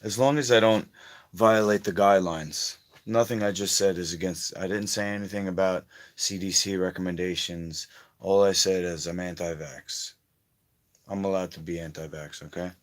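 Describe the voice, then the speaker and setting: A fairly low-pitched man hosting a casual live stream. He gives bossy, blunt step-by-step orders and does not mind crude language. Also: steady tone, moderate pace. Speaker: livestream host.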